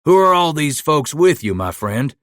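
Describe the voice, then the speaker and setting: A man voicing a gruff, hospitable old mountain man, hollering in a folksy frontier drawl. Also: a little high, big pitch swings, moderate pace, a bit bright, no room sound, clean studio sound, pitched above the performer's own voice. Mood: hearty.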